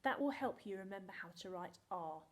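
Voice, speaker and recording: A woman's voice: medium pitch, animated, brisk, echoey room. A young woman teaching phonics to young children, playful and encouraging, often dropping into whispers. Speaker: reception class teacher.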